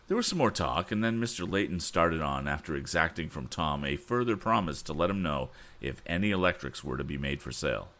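Deep-voiced storyteller man. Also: fairly quick, hardly any pauses. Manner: relaxed, casual asides. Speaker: storyteller host. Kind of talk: reading a book aloud.

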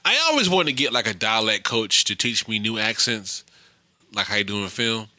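Excitable man with a very bright voice. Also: lowish voice, moderate pace, dry recording. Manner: excitable, enthusiastic. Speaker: podcast co-host. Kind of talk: casual chat.

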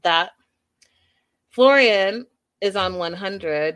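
A woman talks through a reality show reunion in a chatty, gossipy way. She acts out the cast's lines and breaks in with her own exasperated opinions. Her voice sits at an ordinary middle pitch for a woman. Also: a little slow. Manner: gossipy, animated, acts out quotes. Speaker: reality TV recapper. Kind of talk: casual recap commentary.

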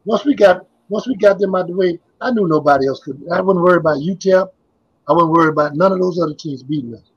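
Older man with a husky voice. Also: high-pitched, quick pace, lo-fi sound. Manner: rambling, repetitive storytelling. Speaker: guest, former basketball player. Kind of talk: casual interview reminiscing.

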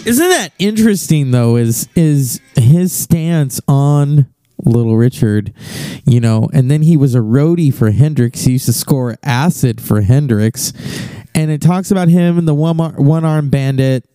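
A man hosting a podcast, talking in a musing, unhurried way. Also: mid-range voice, warm tone, no room sound, soft background music. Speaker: podcast host. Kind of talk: casual podcast commentary.

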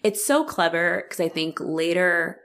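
A woman with a low-pitched voice chats in a loose, animated way. She swears freely and slips into the voices of the people she describes. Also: measured pace. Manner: animated, profane, acts out quoted characters. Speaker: podcast co-host. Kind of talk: casual chat.

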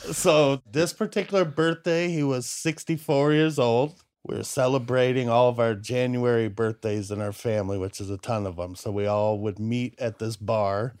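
A man's voice: medium pitch, steady tone, moderate pace, a little mellow. A man, a podcast guest, telling a family story in casual chat and laughing often.

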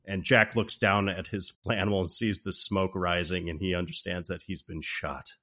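Male podcast host, lowish voice, lively recap, laughs a lot. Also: moderate pace. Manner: animated, laughs often, acts out scenes. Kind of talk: casual movie recap.

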